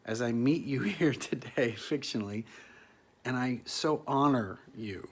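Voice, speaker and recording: A man, an actor, giving a reflective solo monologue to an imagined listener, musing and halting with restarts and soft chuckles. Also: mid-range voice. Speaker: actor performing a solo piece.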